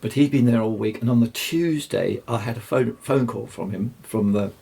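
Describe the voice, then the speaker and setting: An older man, telling rambling fishing stories as a guest, halting and restarting often. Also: mid-range voice, dark tone. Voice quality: gravelly, husky. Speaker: guest angler. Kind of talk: anecdotal storytelling.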